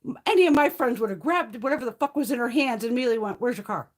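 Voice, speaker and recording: A woman's voice: a little high, animated, rapid-fire. A middle-aged woman hosting a beauty livestream, chatting casually and bluntly, swearing freely and answering viewers by name.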